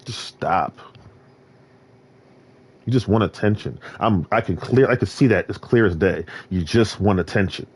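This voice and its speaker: A man streaming, talking in a rambling rant that swings between loud outbursts and low muttering. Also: unhurried, pauses often, husky.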